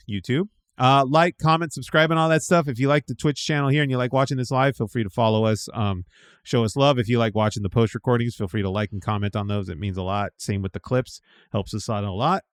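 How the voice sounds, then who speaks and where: A man's voice: medium pitch, no room sound, studio quality. A man hosting a casual gaming podcast, talking loosely with lots of fillers. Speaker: podcast host.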